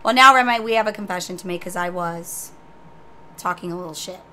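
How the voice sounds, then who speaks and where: A woman co-hosting a casual gaming podcast, telling stories in a brash, profane, teasing way. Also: on the low side. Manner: brash, profane storyteller, animated and quick to tease. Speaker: podcast co-host and guild master.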